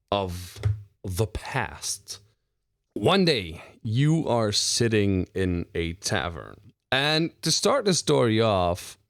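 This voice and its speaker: A man's voice: on the low side, no echo, clean studio sound. A man narrating as game master in a tabletop game podcast, in a loose, rambling way.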